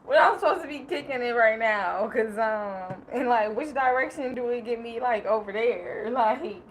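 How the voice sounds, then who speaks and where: A woman's voice: a little high, lively intonation, moderate pace, slight background noise, rough recording. Emotional, rambling woman on a livestream. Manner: emotional, rambling, laughs often. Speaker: livestream host. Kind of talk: casual personal livestream talk.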